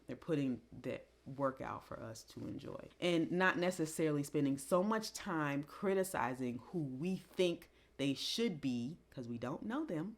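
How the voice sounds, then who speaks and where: A woman with a notably low voice talks through an album in a relaxed vlog. She muses slowly and reflectively, pausing and restarting as she thinks. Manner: reflective, musing, with pauses and restarts. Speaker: music commentary vlogger. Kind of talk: casual album review chat.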